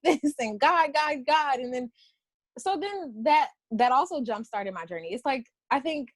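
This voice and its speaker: A woman's voice: a little high, no echo. A woman poet speaking candidly in an interview conversation, rambling through restarts and laughs, sometimes near tears. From Washington, D.C. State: tearful at times. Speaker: poet and guest.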